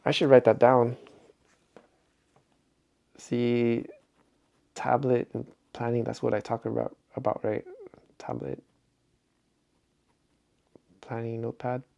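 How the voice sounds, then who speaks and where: A man's voice: medium pitch, level tone, takes it slowly, gravelly, long pauses, warm tone, lo-fi sound. A middle-aged man vlogging in a rambling, reflective way, chuckling often as he talks. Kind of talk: casual vlog monologue.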